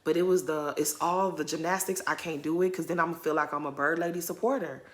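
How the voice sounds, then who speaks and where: A woman giving opinionated, animated commentary as she recaps a reality TV episode for her viewers. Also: low-pitched, fast. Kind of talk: casual commentary vlog.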